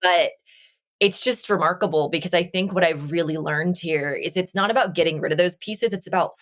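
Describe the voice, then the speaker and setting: An energy healer from Las Vegas, United States, appears as a podcast guest over a video call, speaking reflectively and earnestly in casual conversation. Her voice is fairly low, a bit bright, and a little fast, and she acts out quoted dialogue.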